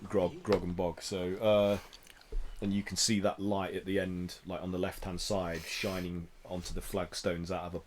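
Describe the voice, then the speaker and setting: A man from the United Kingdom narrating as game master, unhurried and full of ums and likes. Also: low-pitched, a little hiss or hum. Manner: relaxed, hesitant narration with many fillers.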